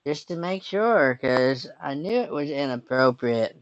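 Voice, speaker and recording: A man's voice: mid-range voice, expressive, measured pace, clean tone, no echo. A man posing as a grown son on a prank phone call, speaking in a naive, whiny, mock-innocent way.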